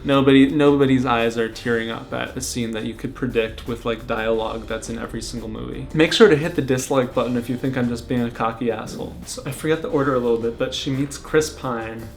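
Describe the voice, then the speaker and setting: A man's voice: medium pitch, steady tone, fast talker, gravelly, hardly any pauses, soft background music. A young man reviewing a movie in a casual vlog rant, sarcastic and exasperated, breaking into mock character voices. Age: young adult.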